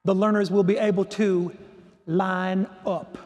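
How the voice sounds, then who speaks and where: A man giving a keynote talk, telling a humorous story with animated comic timing. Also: high-pitched, unhurried, background noise. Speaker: keynote speaker. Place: conference hall stage. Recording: echoey hall.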